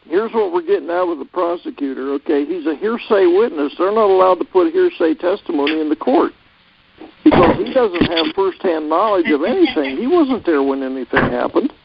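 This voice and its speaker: Gravelly high-voiced man lecturing. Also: expressive, brisk, background noise. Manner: lecturing, explaining legal points. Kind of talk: casual talk-radio chat. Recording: dull lo-fi stream audio.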